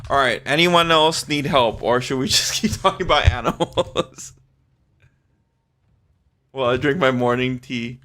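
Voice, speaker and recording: A man's voice: mid-range voice, unhurried, long pauses, bright, forceful tone. A man in his forties chatting casually with his live-stream audience, laughing often and swearing freely.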